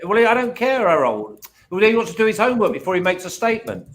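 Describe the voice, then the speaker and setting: A man's voice: high voice, sing-song, quick pace, a bit bright. A man with an English accent giving blunt, profane banter on a live betting show.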